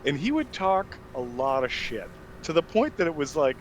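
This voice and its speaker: A young adult man telling stories casually among friends and shouting out mock insults. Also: fairly high pitch, sing-song, normal speed, a little hiss or hum. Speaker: player in a tabletop game podcast.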